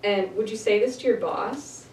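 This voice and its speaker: A woman's voice: mid-range voice, moderate pace, a crowd in the background. A woman teaching an English class, putting short questions to her students and laughing often. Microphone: camera far from the speaker. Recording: echoey noisy classroom from far off.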